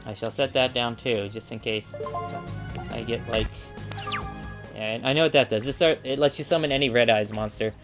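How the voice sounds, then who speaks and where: A man's voice: medium pitch, steady tone, moderate pace, long pauses, music in the background. A man giving casual, rambling commentary while playing a card game, full of fillers and asides. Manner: rambling, chatty, many fillers. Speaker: let's play gamer.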